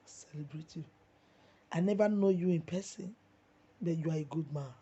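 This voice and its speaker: In a muffled, lo-fi recording, a woman with a Nigerian accent delivers a passionate, repetitive sermon. Her voice is low and mellow with a breathy edge, at a normal pace.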